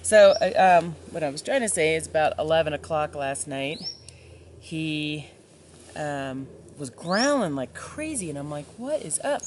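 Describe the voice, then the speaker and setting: A woman's voice: deep voice, lively intonation, unhurried, a little mellow, a little hiss or hum. Chatty woman backpacker telling a story outdoors. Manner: chatty, many ums, acts out voices in retelling. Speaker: solo backpacking vlogger. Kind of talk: casual storytelling to camera. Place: outdoors at a forest campsite in the mountains.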